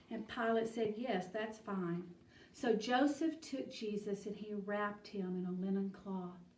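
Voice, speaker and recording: A woman teaching a children's Bible study, telling the story slowly and deliberately and asking the children questions. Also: mid-range voice, darkish tone, slight background noise. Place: church room. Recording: echoey room, mic at a distance.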